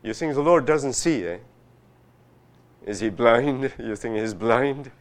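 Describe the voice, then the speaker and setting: A man preaching a sermon, reading scripture aloud and pressing his listeners with rhetorical questions in a slow, emphatic way. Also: mid-range voice, expressive. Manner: reads scripture aloud with rising force. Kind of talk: sermon, Bible exposition.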